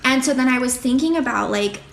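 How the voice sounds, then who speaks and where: A woman's voice: high-pitched, a little fast, vocal fry, reverberant, slight background noise. A woman guest in a casual podcast chat, telling a story with energy and acting out what she said at the time. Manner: animated storyteller who acts out her own past remarks.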